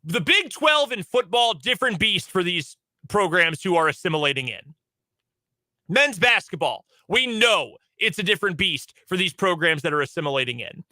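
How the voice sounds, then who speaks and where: A man hosting sports radio, reading the headlines in a brisk, opinionated delivery. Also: high voice, animated, bright, forceful tone, dry recording, rough recording. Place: radio studio.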